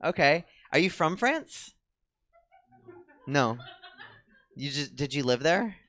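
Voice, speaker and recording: A man's voice: a little high, very animated, takes it slowly, fairly bright tone. Giggly self-mocking man chatting onstage. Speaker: comedy show co-host. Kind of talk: rambling stand-up style chat with the audience. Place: comedy theater stage.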